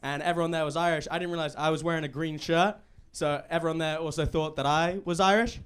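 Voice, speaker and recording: Clear-voiced male comic. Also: fairly high pitch, steady tone, quick pace, a bit bright. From England. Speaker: stand-up comedian. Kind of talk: stand-up set. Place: comedy club stage.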